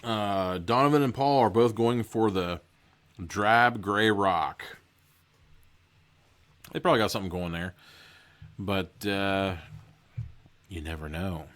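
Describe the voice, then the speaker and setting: A man's voice: lowish voice, slow pace, long pauses, fairly bright tone. A man hosting a podcast, casually reading a horror gamebook aloud and breaking off for joking asides. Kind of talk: casual read-aloud with commentary.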